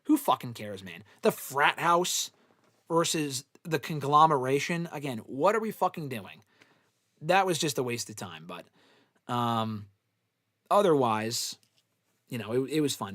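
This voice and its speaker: A man's voice: mid-range voice, expressive, unhurried, a bit bright, no echo, clean studio sound. A young man hosting a live fan Q&A, chatting casually in a blunt, profane, offhand way. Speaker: host answering fan questions.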